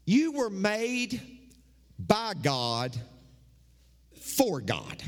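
A man's voice: sits high, a bit bright. A man preaching a sermon as pastor, emphatic and repeating his phrases for effect. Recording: long hall reverb.

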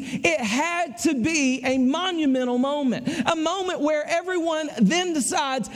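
A man's voice: very high voice, unhurried, hardly any pauses, big-room sound. A man with a Southern US accent preaching a sermon in a folksy, conversational way, repeating his phrases. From American South.

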